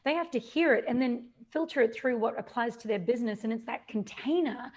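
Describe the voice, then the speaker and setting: A woman in her forties hosts a casual podcast, speaking openly and reflectively about her own business with small restarts along the way. Her voice is on the high side and fairly quick.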